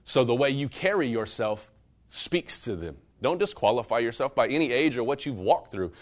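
Medium in pitch and moderate in pace, a pastor's voice fills a church service room as he preaches to a live audience. He talks directly to the room in an animated, conversational style, shifting between emphatic loud bursts and quiet, intimate passages.

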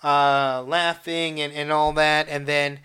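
A man hosting a casual solo podcast, retelling a movie with heavy swearing and halting restarts, emotional and excitable. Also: fairly high pitch, clear, resonant tone. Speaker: podcast host.

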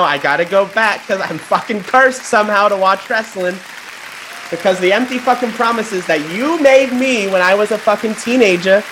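A comedy host rants with bitter, nonstop profanity. His voice leaps lively up and down through a wide range. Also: high-pitched, a little hiss or hum. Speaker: show host. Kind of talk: ranting comedy sketch.

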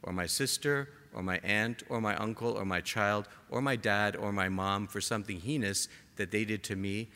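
A man preaching a sermon to a gathered congregation, impassioned, rising to emphatic peaks and dropping to soft, quiet lines. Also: on the low side, steady tone, normal speed, hardly any pauses. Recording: long hall reverb.

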